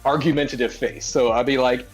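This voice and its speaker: A man co-hosting a casual gaming news podcast, animated and jokey, often talking over his partner. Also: medium pitch, brisk, breathy edge, faint music behind. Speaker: podcast co-host.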